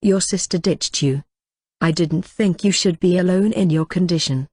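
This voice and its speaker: A woman's voice: lowish voice, moderate pace, darkish tone, husky, no room sound, studio quality. A woman reading the lines of a cocky teenage boy neighbor, amused and lightly teasing. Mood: matter-of-fact.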